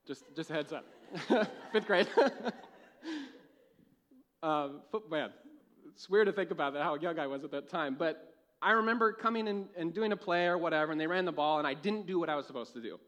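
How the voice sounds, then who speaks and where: A young man preaching a sermon in a church, telling a lively personal story and laughing at his own jokes. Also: on the high side, a little fast. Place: church with a live audience.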